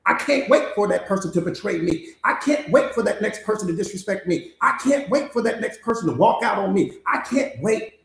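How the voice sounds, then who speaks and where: Male motivational coach preaching hard, repeats himself a lot, high-ish voice, echoey room. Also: vocal fry. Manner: emphatic, repetitive, preaching. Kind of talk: motivational master class talk. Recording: roomy echo.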